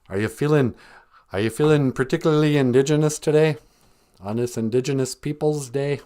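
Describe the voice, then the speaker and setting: A man's voice: mid-range voice, a little fast, mellow. An older man hosting a podcast, joking sarcastically and laughing often as he talks. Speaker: podcast host. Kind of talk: comedic casual chat.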